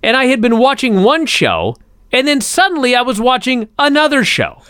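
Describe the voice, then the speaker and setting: A man's voice: extremely high pitch, normal speed, smooth, dry recording, studio quality. A man co-hosting a casual podcast, telling stories with lots of swearing and acting out quotes. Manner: animated, profane storytelling, acts out quotes. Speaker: co-host.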